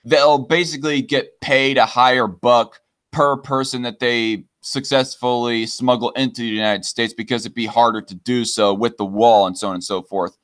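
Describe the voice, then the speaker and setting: A man's voice: medium pitch, steady tone, moderate pace, a bit bright. A man hosting a casual podcast, reading chat comments aloud and talking in a hesitant way with many fillers and restarts.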